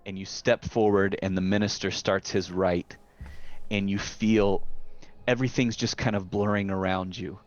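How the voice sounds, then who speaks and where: A man narrating a tabletop horror game as game master, describing scenes in the second person with halting restarts. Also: lowish voice, steady tone. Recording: dull lo-fi recording with faint hiss.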